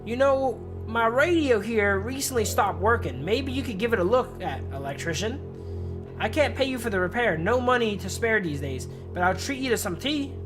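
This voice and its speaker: A man's voice: high-pitched, expressive, normal speed, pitched above the performer's own voice. Man doing a folksy Southern old shopkeeper. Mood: eager. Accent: put-on American Southern. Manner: folksy, eager, drawling questions. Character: chatty old male village shopkeeper. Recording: game music playing behind.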